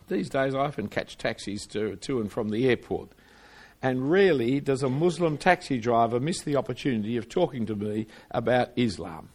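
An older man preaches emphatically, posing rhetorical questions as his pitch and loudness swing widely.

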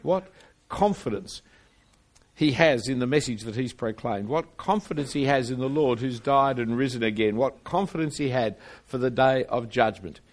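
A man's voice: medium pitch, normal speed. A man preaching a sermon, reading scripture aloud and explaining it earnestly, often repeating words as he restarts phrases.

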